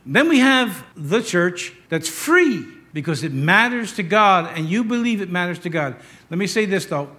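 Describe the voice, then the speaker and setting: High-voiced preaching pastor. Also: male voice, sing-song, moderate pace, pushed and bright. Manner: storytelling with humor, repetitive emphasis. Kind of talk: sermon.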